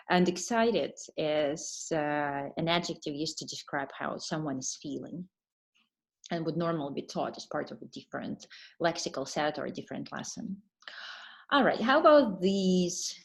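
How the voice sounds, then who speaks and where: A woman teacher trainer giving an online webinar lesson, explaining patiently and pausing to read answers from the chat. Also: on the low side, vocal fry.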